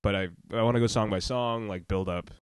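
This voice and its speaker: A man's voice: fairly low pitch, steady tone, a little fast, clear, resonant tone, dry recording. A man who co-hosts a podcast and makes music, talking in a laid-back, wry way. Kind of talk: casual comedic podcast chat.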